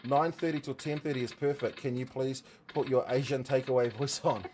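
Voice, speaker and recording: A man's voice: medium pitch, steady tone, brisk, a little mellow, slight background noise. A man with a New Zealand accent hosting a casual livestream, rambling and joking with his viewers. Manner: rambling, chatty, jokey asides to viewers. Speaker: livestream host and motorsport commentator.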